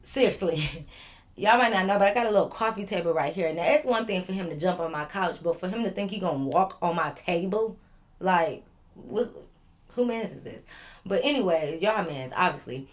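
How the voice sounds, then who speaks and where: Woman vlogger, slightly low voice, chatty storyteller talking to her audience from her living room. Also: fairly quick. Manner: chatty, addresses viewers directly, lively asides. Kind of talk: casual storytime to viewers.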